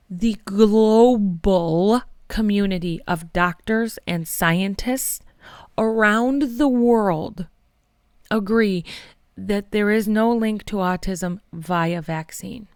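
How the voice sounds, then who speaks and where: Fired-up woman podcaster, clear resonant voice, dry close sound, calls listeners "friends". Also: medium pitch, no echo. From Michigan. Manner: impassioned, gets worked up, addresses listeners as friends. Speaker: podcast host. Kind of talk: casual political commentary.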